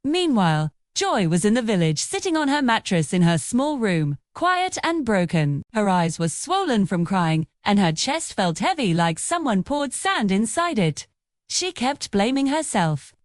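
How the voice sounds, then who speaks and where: A woman's voice: medium pitch, very animated, a little slow, no echo, clean studio sound. A woman narrating a folktale in a dramatic, vivid way. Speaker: storyteller.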